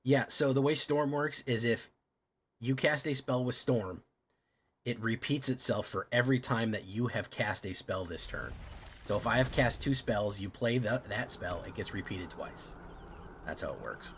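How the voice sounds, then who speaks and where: A man's voice: medium pitch, normal speed, fairly bright tone. A young man streaming a card game, muttering play-by-play and swearing when frustrated. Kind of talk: live gameplay commentary. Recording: noisy room ambience behind.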